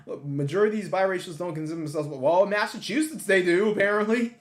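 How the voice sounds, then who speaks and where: A man hosting a casual livestream, talking over a map and reading out numbers, excitable and often repeating himself. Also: high-pitched, fast talker, few pauses. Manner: excitable, exclamatory, repeats phrases. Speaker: livestream host.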